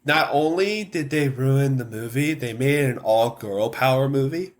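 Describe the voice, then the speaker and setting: A man's voice: mid-range voice, normal speed, slight background noise. A man hosting a podcast, chatting casually and ranting with strong opinions. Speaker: podcast host.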